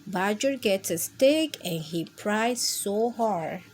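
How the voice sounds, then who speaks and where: A woman reading picture books aloud to children with a gentle, expressive storytime manner. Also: mid-range voice, slow pace, a little hiss or hum. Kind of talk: read-aloud storytime for kids.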